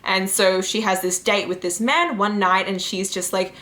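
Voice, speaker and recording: A woman's voice: mid-range voice, normal speed. Chatty woman gushing over webcomics. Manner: chatty, animated retelling of plots, frequent "like" and "you know". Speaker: book and webcomic reviewer. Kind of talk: casual recommendation chat.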